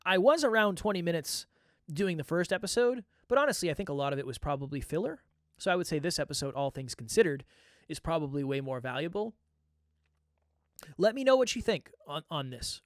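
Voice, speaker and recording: A man hosts a reflective solo podcast, speaking candidly in a coaching style into a nearby mic. His slightly high voice is animated and brisk, and the sound is dry.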